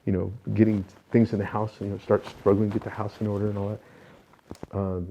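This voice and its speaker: An older man with a mellow, low voice tells personal spiritual stories. He is earnest and reflective and often restarts his sentences. The sound is slightly muffled and lo-fi. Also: flat delivery, fast, slight background noise. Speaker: interview guest.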